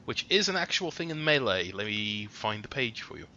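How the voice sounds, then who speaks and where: A man's voice: lowish voice, very animated, moderate pace, bright, forceful tone, dull audio, a little hiss or hum. A man narrating a tabletop game as game master in a loose, chatty way, humming to himself while he looks up rules. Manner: casual, chatty, hums while looking up rules.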